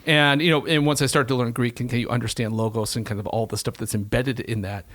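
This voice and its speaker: A man's voice: medium pitch, steady tone, fast, a bit bright. A man with an ordinary mid-range voice co-hosts a casual scholarly podcast. He talks in a thoughtful, conversational way and often restarts his phrases as he works through an idea. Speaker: podcast co-host.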